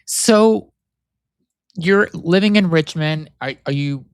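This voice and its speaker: A man's voice: on the high side, slow, smooth, no room sound, clean studio sound. A man hosting a podcast, interviewing a guest in an enthusiastic, affirming way with trailing questions. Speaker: podcast host. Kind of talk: casual interview.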